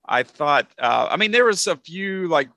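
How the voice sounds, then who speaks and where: Male co-host, bright tone, close dry sound, casual movie talk with lots of restarts. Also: on the high side, lively intonation, dry recording. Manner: halting, many fillers and restarts. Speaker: podcast co-host. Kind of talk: casual movie review chat.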